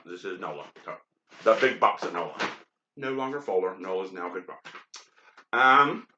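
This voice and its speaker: A man's voice: lowish voice, bright, forceful tone, a little hiss or hum. Chatty man rambling over old photos. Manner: chatty, frank, lots of ums and asides. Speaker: podcast host sorting old photos. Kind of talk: casual rambling monologue. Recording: dull, lo-fi, roomy sound.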